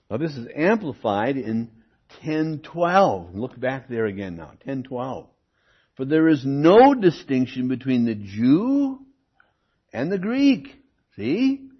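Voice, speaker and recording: A man's voice: mid-range voice, slightly rough. A man teaching the Bible in a classroom, explaining scripture verse by verse and stressing key words. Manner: lively, emphatic, rising on key words. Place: classroom with a board. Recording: dull lo-fi recording.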